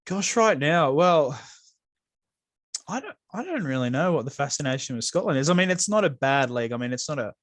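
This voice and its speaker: An Australian man in a relaxed football talk with his co-host, easygoing and a little halting. The room is dry and close. His pitch sits in an ordinary middle range. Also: dry recording. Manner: relaxed, hesitant with fillers. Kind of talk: casual football chat.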